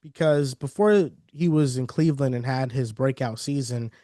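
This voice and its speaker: Male co-host, mid-pitched, dry close mic, measured and explanatory sports chat. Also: dark tone, no echo. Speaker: podcast co-host. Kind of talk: casual sports podcast chat.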